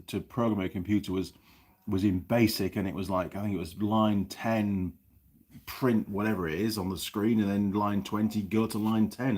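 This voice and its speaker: Husky, chatty New Zealand bloke. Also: male voice, lowish voice, a little mellow. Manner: rambling, chatty, reads viewer comments aloud. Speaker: mechanic live-streamer. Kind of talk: casual live-stream chat. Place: home workshop.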